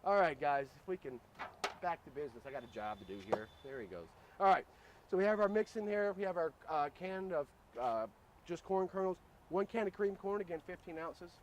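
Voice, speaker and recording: A man's voice: a little high, lively intonation, fairly quick, a little hiss or hum. A man hosting a casual cooking demo outdoors at a grill, joking around and talking to viewers as "guys.". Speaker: grill cooking show host.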